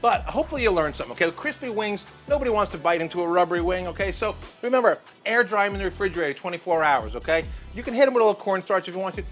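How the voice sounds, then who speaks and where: A man's voice: high-pitched, animated, very fast, few pauses, fairly bright tone. Chatty enthusiastic man cooking outdoors. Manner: chatty, enthusiastic, says okay a lot. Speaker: cooking show host. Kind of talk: casual cooking vlog. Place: outdoors at a grill in the rain. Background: rain and light music.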